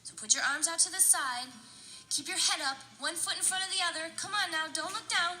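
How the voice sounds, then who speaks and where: A woman leading a children's storytime, chanting and coaxing her young listeners along in an animated, sing-song way. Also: extremely high pitch, a little fast, soft background music. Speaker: children's librarian.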